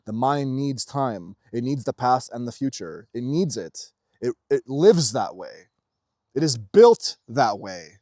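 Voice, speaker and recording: A young man giving a casual, emphatic spiritual monologue as host of his own channel, swearing freely and shifting quickly in intensity. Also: medium pitch, sing-song, darkish tone, dry recording, clean studio sound.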